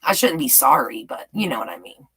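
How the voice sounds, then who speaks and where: A woman's voice: a bass voice, very animated, fairly quick, fairly bright tone, breathy edge, low-quality recording. A woman with a light Southern US accent hosting a casual live-stream chat, gushing and laughing often as she answers viewers. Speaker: YouTube live-stream host. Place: home in Texas.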